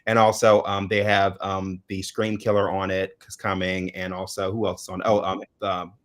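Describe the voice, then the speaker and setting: A man's voice: low voice, flat delivery, moderate pace. A man co-hosting a casual chat show, hesitant and searching for words with many fillers. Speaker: co-host.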